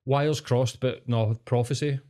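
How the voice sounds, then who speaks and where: This is a young Scottish man co-hosting a podcast, chatting loosely about films. He rambles, swears casually and sits at a middling pitch, with nothing forced in his delivery. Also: measured pace. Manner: swears a lot, rambling and animated. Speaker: podcast co-host. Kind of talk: casual chat.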